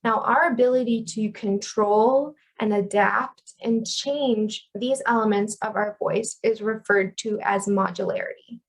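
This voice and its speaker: Gravelly-voiced woman teaching a lesson. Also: mid-range voice, fairly even intonation, measured pace, few pauses, poor audio. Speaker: communication instructor. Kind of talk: educational video lecture.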